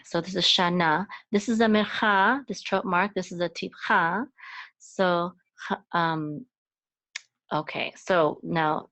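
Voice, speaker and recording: A woman's voice: fairly low pitch, fairly bright tone. A woman teaching a Hebrew lesson, patiently explaining each letter and sound step by step. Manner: patient, explaining letter by letter, chanting phrases in a sung voice. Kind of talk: slow step-by-step language lesson.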